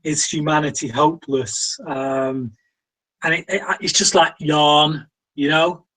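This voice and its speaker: A man's voice: on the high side, measured pace, a bit bright, low-quality recording. A British man hosting a casual film review chat, opinionated and full of ums and restarts. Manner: opinionated, frequent fillers and restarts.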